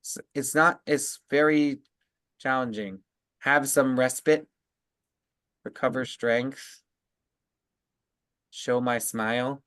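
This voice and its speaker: Slow, halting rabbi teaching a class. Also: male voice, medium pitch, fairly even intonation, a bit bright, smooth, dry recording. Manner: halting, many fillers and restarts. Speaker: rabbi leading a text study. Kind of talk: casual teaching discussion.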